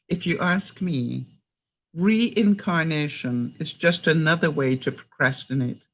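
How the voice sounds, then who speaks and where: Speaking slowly in a low voice with long pauses, a retired older Canadian woman vlogs in casual conversation with her viewers. She tells stories, reads out quotes and sayings, and keeps breaking into laughter between sentences.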